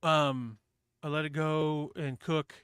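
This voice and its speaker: A man's voice: on the high side, level tone, takes it slowly, fairly bright tone, smooth, studio quality. Brief: male stream host from New Hampshire, loose talky chat, no room echo. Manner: rambling, chatty, reads chat aloud. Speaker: livestream host. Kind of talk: casual chat with viewers.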